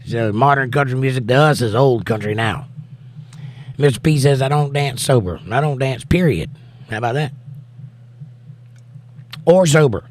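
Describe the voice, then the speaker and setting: A man's voice: medium pitch, moderate pace, pauses often. A tired middle-aged man hosting a casual live stream, reading viewer comments aloud and answering them with laid-back, wry remarks. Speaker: livestream host.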